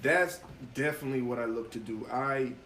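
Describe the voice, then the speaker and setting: A man's voice: mid-range voice, a little fast, a little hiss or hum. Man talking in an echoey room. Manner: relaxed, storytelling, many fillers. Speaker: guest actor and author. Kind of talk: casual interview talk.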